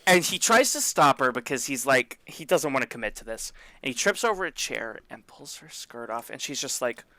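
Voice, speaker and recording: Male podcast cohost, bright tone, dry booth sound; casual self-mocking recap. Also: mid-range voice, big pitch swings, moderate pace, no echo. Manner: joking, rambling anime recap with self-mocking asides. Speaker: podcast co-host. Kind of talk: casual chat.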